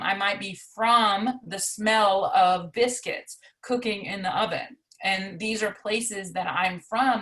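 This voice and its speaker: A woman's voice: mid-range voice, a bit bright, poor audio. A woman teacher explaining a poetry assignment in a chatty, folksy way, using examples from her own life. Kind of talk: recorded online lesson.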